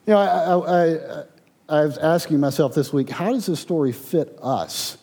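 A man preaching a sermon to his congregation, with dramatic swings in volume and loud, raised passages. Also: sits high, lively intonation, moderate pace. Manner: preaching with dramatic swings, loud when voicing the angry prophet. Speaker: pastor.

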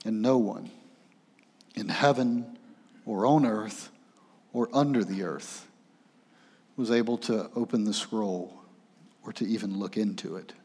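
A man preaching a sermon, swinging between urgent raised passages and hushed, quiet ones. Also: lowish voice, measured pace, long pauses, slightly rough, long reverb tail.

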